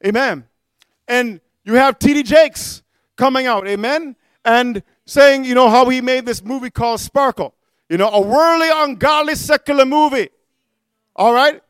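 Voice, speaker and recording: High, bright-voiced man preaching fiercely. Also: normal speed, smooth, dry recording, clean studio sound. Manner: emphatic, punctuates with "amen?" and shouts. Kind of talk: fiery sermon.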